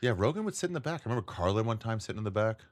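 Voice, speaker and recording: A man, a comedian guest, telling stories in casual chat, lively and laughing often as he acts out what others said. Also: fairly low pitch, rapid-fire. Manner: animated storyteller, acts out quotes, laughs often. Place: tent.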